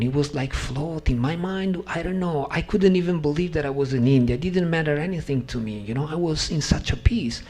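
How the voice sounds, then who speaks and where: A man's voice: a little high, slightly rough. A man whose first language is not English tells a personal story to a gathering, acting out the voices of the people in it. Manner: animated, acts out voices of people in his story. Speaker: speaker sharing a personal testimony.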